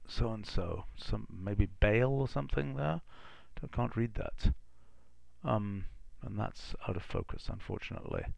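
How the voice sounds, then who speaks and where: A middle-aged man hosting a live stream, musing aloud as he reads old letters haltingly, with asides. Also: fairly low pitch, lively intonation, gravelly, no echo. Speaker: live-stream host reading archival letters. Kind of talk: casual think-aloud reading.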